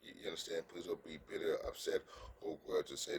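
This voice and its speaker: Deep-voiced man giving halting dating advice. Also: little pitch movement, a little hiss or hum. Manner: halting, repeats words, keeps asking "you understand?"; coaching, earnest tone. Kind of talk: casual advice monologue.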